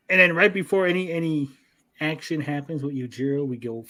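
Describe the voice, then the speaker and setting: A man co-hosting an anime review chat, retelling scenes in a lively, profane way with mock voices. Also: fairly high pitch, fairly quick. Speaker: podcast co-host.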